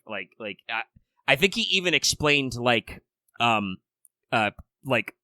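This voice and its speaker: A man's voice: mid-range voice, bright, forceful tone, no echo. An American man co-hosting a casual podcast chat, rambling with frequent restarts and wry asides. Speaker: podcast co-host.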